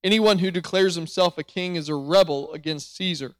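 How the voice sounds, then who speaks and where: Man reading angry crowd of priests, loud and insistent, high male voice, dry close sound. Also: fairly quick, no echo, lightly acted.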